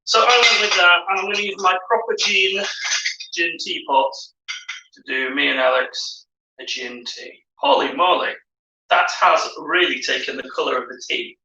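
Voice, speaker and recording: A man's voice: sits high, normal speed, vocal fry, pushed and bright, recorded from a distance, lo-fi sound. A man hosting a casual live stream from his home bar, chatting as he explains a cocktail step by step. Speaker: host and bartender. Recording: echoey room, off-mic.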